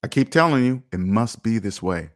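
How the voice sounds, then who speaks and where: A man's voice: lowish voice, expressive, normal speed. A man hosting a personal finance livestream, speaking casually and emphatically, lecturing viewers and reading out their comments. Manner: emphatic, preachy, reads viewer comments aloud. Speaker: finance channel host.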